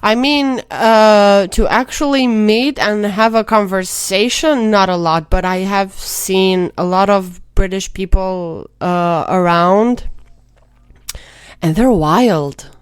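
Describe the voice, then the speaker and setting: Deadpan woman, dry close-miked co-host. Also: medium pitch, takes it slowly, clean tone, no echo. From Albania. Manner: deadpan, dry humor, hesitant fillers. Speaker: podcast co-host. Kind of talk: casual chat.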